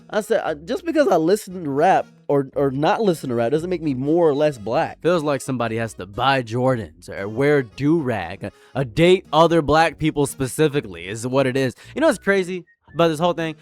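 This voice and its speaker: A man's voice: a little high, expressive, brisk, hardly any pauses, soft background music. A man with an American accent and a slight foreign tang, doing casual commentary and repeating his points with emphasis. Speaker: commentary YouTuber.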